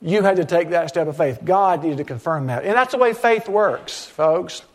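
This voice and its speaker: A man's voice: a little high, expressive, normal speed. A middle-aged man pastoring a church, preaching a sermon in an earnest storytelling way, often acting out what others said to him. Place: church sanctuary.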